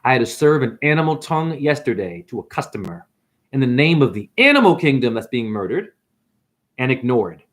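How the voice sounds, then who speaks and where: A man's voice: mid-range voice, sing-song, a little fast, a bit bright. A man who is a spiritual teacher and numerologist, in a preachy livestream rant that swings between whoops and mutters.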